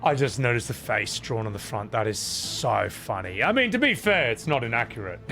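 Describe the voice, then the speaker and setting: A man's voice: medium pitch, sing-song, moderate pace, creaky, sharp tone. A man casually commenting while playing a video game, chatty and swearing freely, laughing often. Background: game music.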